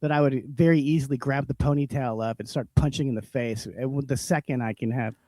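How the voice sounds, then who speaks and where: A man hosting a comedy podcast, ranting and swearing, his voice swinging between loud outbursts and low mutters. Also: brisk, no echo. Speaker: podcast host. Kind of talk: profane comedic rant.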